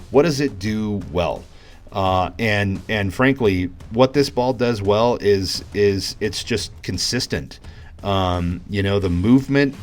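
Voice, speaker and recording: A man hosting a casual review vlog about bowling balls, talking in a relaxed, conversational way with lots of fillers and plenty of enthusiasm. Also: fairly low pitch.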